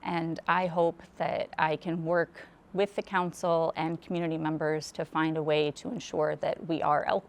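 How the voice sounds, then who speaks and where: A woman giving a measured, sincere candidate statement for town council. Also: sits low, gravelly.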